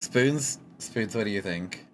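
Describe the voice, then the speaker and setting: A streamer talking to chat in an unhurried, drawn-out way while sketching. The voice swings widely in pitch and jumps into high, teasing squeaks when reacting to viewers. Faint noise sits under the voice. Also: expressive. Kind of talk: casual livestream chat while drawing.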